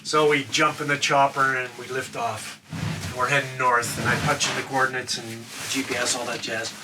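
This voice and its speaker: A man's voice: mid-range voice, moderate pace. An older man from Canada, a former wildland firefighter, casually tells a rambling story with lots of fillers. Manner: rambling, with many fillers and acted quotes. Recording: distant mic with steady background noise.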